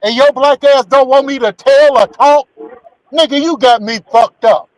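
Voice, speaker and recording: Ranting high-voiced man on a morning show. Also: moderate pace, poor audio. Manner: brash and ranting, heavy swearing. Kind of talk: profane comedic banter.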